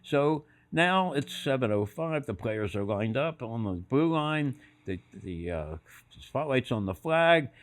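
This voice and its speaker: A man's voice: medium pitch, animated, slow pace. An older man on a podcast as a guest, telling anecdotes and acting out other people's voices in quotes. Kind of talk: storytelling anecdotes.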